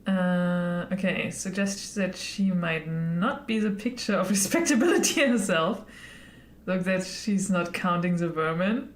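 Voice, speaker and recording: A woman's voice: on the low side, measured pace. Giggly woman in a roomy space. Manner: giggly, chatty. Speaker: game developer and streamer. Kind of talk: casual let's-play, reading game text aloud. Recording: roomy echo with faint music.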